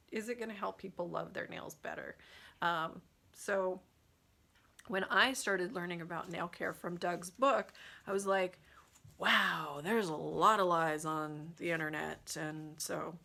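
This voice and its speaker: A woman's voice: fairly low pitch, gravelly, a bit bright, breathy edge. A woman hosting a casual nail care livestream, chatting loosely and reading out viewer questions with many fillers and restarts.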